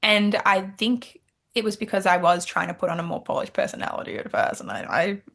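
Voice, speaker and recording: A young woman from Australia talks casually as an interview guest. She tells her story with animated energy, acting out her own past thoughts in quotes. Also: medium pitch, fairly quick, vocal fry. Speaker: pageant titleholder guest.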